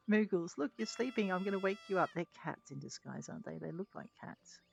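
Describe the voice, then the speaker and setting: A woman's voice: fairly low pitch, animated, moderate pace, creaky. A woman streamer chatting casually and reacting aloud as she plays a video game, giggling at what happens on screen. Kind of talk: casual live-stream commentary. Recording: slightly dull lo-fi audio with faint music.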